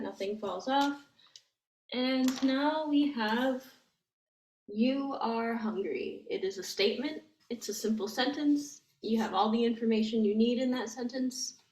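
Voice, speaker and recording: A woman teaching language grammar, explaining step by step in a patient way and thinking aloud with many fillers. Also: on the high side. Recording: echoey room with faint noise.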